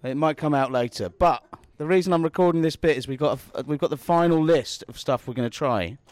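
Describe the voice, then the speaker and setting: A man's voice: a little high, brisk, darkish tone, no echo. A British man hosting a podcast, casual chat recorded at a house party, often cutting himself off mid-sentence. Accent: British English. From Britain. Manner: rambling and self-interrupting. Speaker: podcast host.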